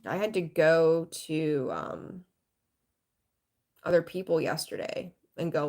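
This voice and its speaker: A woman's voice: low voice, slow, pauses often, a little mellow. A woman giving a live tarot reading in a frank, rambling way, swearing casually and greeting viewers. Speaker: tarot reader.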